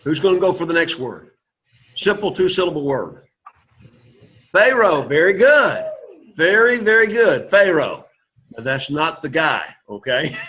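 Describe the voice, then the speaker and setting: A man teaching Greek to a class, coaxing students and repeating words slowly for pronunciation. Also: a little high, a bit bright, highs cut off. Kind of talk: classroom lesson.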